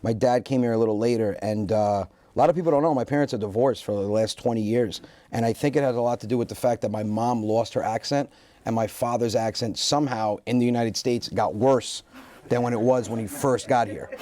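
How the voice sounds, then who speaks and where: A man who is a comedian telling animated, self-deprecating stories as a guest on a talk show. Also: fairly low pitch, dry recording. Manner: animated, self-deprecating storyteller with frequent restarts. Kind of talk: casual storytelling interview.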